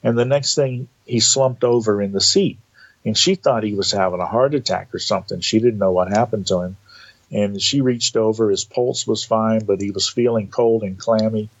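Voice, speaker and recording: A man telling a personal story in a casual, animated way, acting out the quoted dialogue. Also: lowish voice, moderate pace, highs cut off. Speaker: guest telling of entity encounters.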